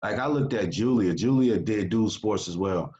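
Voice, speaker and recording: Coach hosting an interview, low voice, rambling, muffled recording. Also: male voice, lively intonation, moderate pace, mellow. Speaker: coach and show host. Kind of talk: casual interview chat. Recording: dull lo-fi sound.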